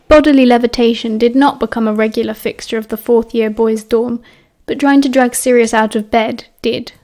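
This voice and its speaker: A woman with a British accent reading a novel aloud as an audiobook narrator, with an even storytelling delivery. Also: fairly high pitch, normal speed. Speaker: audiobook reader.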